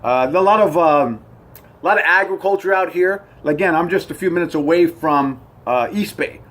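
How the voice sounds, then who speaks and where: A middle-aged man talking to camera outdoors on his porch, his voice sitting a little higher than most men's. He rambles in an upbeat, easygoing way, circling back with ums, uhs and restarts. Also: normal speed, a bit bright. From United States. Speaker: vlogger. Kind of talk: casual rambling vlog to camera.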